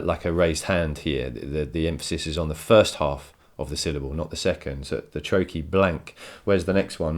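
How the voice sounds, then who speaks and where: Deep-voiced man teaching a poetry lesson. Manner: enthusiastic, explanatory, repeats words while thinking. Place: home.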